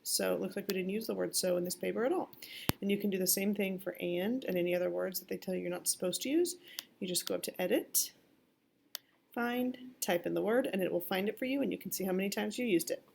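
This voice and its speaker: A woman teacher demonstrating a software feature step by step in a plain explanatory way. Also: mid-range voice, fast, vocal fry, a little hiss or hum. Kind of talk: screen tutorial.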